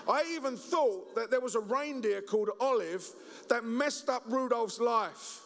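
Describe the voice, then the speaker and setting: High-voiced preacher in a reverberant hall. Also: male voice, unhurried, vocal fry, hardly any pauses. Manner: joking, storytelling, animated. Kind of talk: humorous Christmas sermon.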